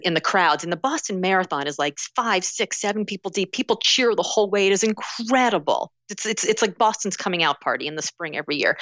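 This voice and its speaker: A middle-aged woman telling lively personal stories as an interview guest, acting out voices with frequent restarts. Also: medium pitch, no echo. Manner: animated, acts out inner voices, many restarts. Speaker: guest author. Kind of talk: casual interview storytelling. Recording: dull lo-fi sound.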